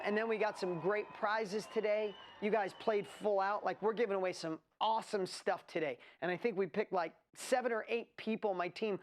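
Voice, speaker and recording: A woman hosting a live online event, talking in an excitable, rambling way as she builds hype. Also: mid-range voice. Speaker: event host. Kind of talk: energetic live webinar presentation.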